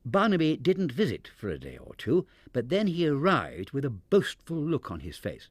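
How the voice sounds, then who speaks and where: A man reading a children's storybook aloud in an expressive, animated manner into a close mic. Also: mid-range voice, moderate pace, husky, dry recording.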